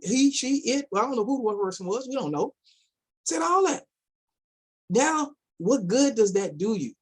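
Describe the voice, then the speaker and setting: A man's voice: extremely high pitch, big pitch swings, normal speed, husky. A man giving casual commentary as an investment vlogger, firing off rhetorical questions, repeating himself and mocking imagined investors in quoted voices.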